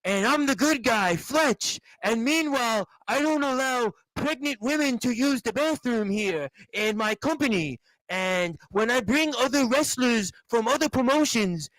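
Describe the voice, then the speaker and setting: A smug wrestling boss rambles on about himself, as a man mocks him. The voice sits very high and the sound is dry and close. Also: lively intonation, a little slow, few pauses, a bit bright, dry recording, heavily acted, rough recording. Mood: mocking. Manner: rambling, mocking.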